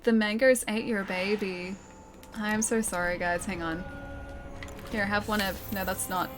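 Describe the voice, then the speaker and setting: A woman's voice: mid-range voice, steady tone, measured pace, over music. A young Australian woman chatting casually while streaming a game, reading chat aloud and laughing often. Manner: chatty, giggly, reads chat aloud and answers.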